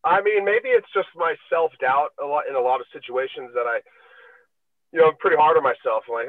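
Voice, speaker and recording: A man's voice: medium pitch, fairly quick, no echo. A man in his forties, a former football player, telling laid-back, rambling stories with many fillers, joining over a call from a bus. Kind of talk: casual storytelling. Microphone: remote call. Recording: dry, tinny call line.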